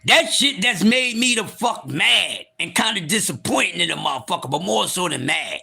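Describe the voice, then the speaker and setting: A man with a high, bright, sharp voice hosts a live stream and rants with blunt, profane energy. He moves between calm, smooth talk and loud, shouting bursts, repeating himself for emphasis. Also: normal speed, hardly any pauses. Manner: animated, swings from calm to shouting. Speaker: livestream host.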